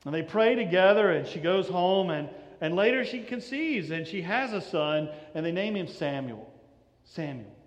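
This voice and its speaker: Brief: male pastor, high voice, conversational sermon with restarts, long reverb of a church sanctuary. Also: animated, normal speed, few pauses, highs cut off. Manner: conversational, repeats words on restarts.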